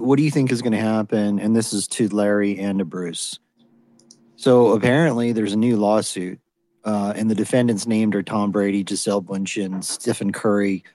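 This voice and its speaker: Low-voiced male host, dry sound. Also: mellow, dry recording. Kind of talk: moderating a casual live audio chat.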